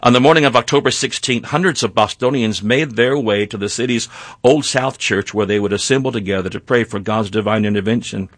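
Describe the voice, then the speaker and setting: A man's voice: fairly low pitch, a bit bright, no room sound. Earnest man narrating history, dry sound. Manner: measured, earnest storytelling with small slips.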